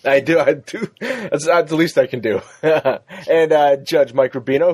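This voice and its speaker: A man hosts a casual comedy podcast with an easy, joking manner, laughing along with his co-hosts. His voice sits a bit high and carries a slight husk. The sound is close and dry, with no room around it. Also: unhurried, hardly any pauses, a little mellow, slightly rough, dry recording. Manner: laughs often, loose and joking. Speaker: podcast host.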